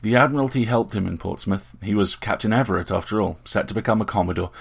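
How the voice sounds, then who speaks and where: A man narrating a story in a measured, deliberate reading. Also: lowish voice, vocal fry, breathy edge.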